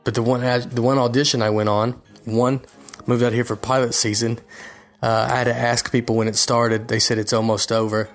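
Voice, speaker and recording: A man's voice: medium pitch, little pitch movement, fairly quick, soft background music. Self-deprecating young man with a comic monologue. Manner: self-deprecating, rambling with restarts. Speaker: comedian recording a guest spot. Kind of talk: casual comedic monologue.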